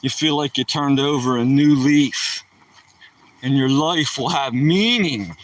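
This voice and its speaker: A man's voice: medium pitch, slow pace, distant mic. A man streaming casually, joking around and talking to his dog while out on a walk.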